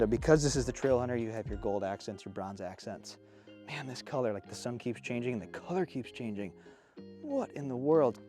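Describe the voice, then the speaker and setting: A man in his thirties giving an enthusiastic, casual walkaround review of a new truck outdoors, a bit out of breath. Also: mid-range voice. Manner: enthusiastic, excitable. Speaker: off-road vehicle reviewer.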